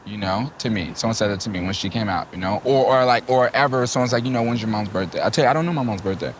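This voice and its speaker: A man's voice: mid-range voice, very fast, a little hiss or hum. A man interviewing a guest in a casual conversation, asking rambling, searching questions.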